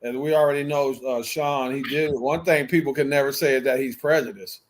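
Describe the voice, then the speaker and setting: A man's voice: medium pitch, steady tone, brisk. A man co-hosting a sports talk show, arguing football picks in an emphatic, conversational way. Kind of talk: casual sports debate.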